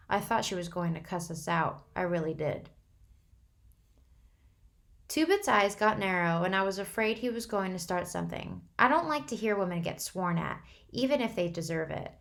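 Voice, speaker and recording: A woman, a teacher, reading a novel aloud for her class in a steady, unhurried storytelling way. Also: lowish voice, gravelly.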